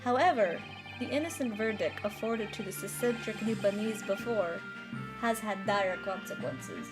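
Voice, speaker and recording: Gal reading a cold posh prosecutor dude, formal and solemn, game music behind. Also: female voice, medium pitch, animated, moderate pace, pitched below the performer's own voice, close to an everyday voice, poor audio. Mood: accusing. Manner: formal, solemn courtroom oratory. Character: cold aristocratic male prosecutor, menacing.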